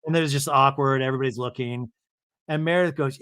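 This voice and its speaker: A man hosting a podcast, recapping a TV show in a gossipy, animated way and laughing often. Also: mid-range voice, fast, clear, resonant tone, dry recording, clean studio sound. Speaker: podcast host. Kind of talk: casual TV recap monologue.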